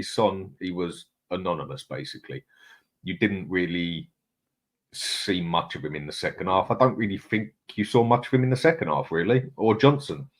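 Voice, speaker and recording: A man hosting a casual live stream, chatting and reading out viewer comments. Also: lowish voice. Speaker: host.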